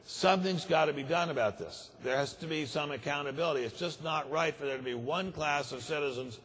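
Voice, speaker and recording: A man's voice: fairly high pitch, brisk, fairly bright tone, husky, long reverb tail. Grave older man giving a speech. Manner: grave, emphatic, repeats words for stress. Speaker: conference speaker. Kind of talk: keynote speech. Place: large conference hall.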